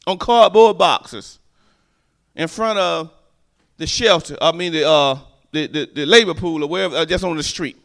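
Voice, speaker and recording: A man's voice: high voice, moderate pace, gravelly. A man preaching a sermon, telling stories and checking in with the congregation in a call-and-response manner. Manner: animated, call-and-response, storytelling.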